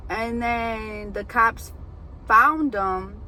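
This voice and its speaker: A chatty woman tells a story over a meal, animated and full of fillers. Her voice sits a little high and sounds crisp and bright. Faint traffic hums in the background. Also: very slow, low-quality recording. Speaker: hairbraider and food vlogger. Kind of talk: casual storytelling while eating.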